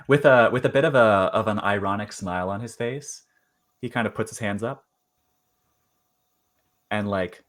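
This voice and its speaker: A man running a tabletop horror game as game master, narrating in a halting way with many fillers. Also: on the low side, fairly bright tone.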